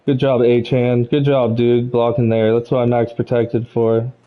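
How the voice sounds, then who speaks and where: A man's voice: mid-range voice, flat delivery, normal speed, narrow, tinny audio. A man streaming a football video game, ranting with constant swearing about the plays. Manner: angry, profane ranting, rising to shouts at plays. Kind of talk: live gameplay commentary.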